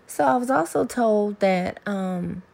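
Woman host, gravelly edge, candid rambling monologue with salty asides. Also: medium pitch, expressive, slow, a little mellow. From American South. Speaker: podcast host. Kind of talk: casual solo podcast monologue.

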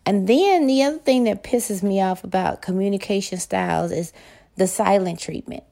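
Gravelly-voiced woman, blunt and profane. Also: medium pitch, moderate pace, dark tone. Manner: blunt, profane, swears freely; acts out both sides when retelling arguments. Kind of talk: casual monologue.

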